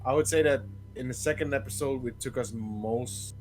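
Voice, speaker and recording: A sick man talks games with a friend, tripping over his words and repeating them. His pitch sits in the middle, and faint music plays quietly behind him. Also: moderate pace, low-quality recording. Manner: stammering, repeats words while searching for them. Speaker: co-commentator. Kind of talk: casual gaming chat.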